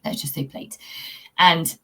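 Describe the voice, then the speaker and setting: A woman coaching pet owners in a talk-to-camera video, speaking in an earnest, reflective, gently spiritual way. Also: unhurried. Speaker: cat anxiety coach. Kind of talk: talking-to-camera tips video.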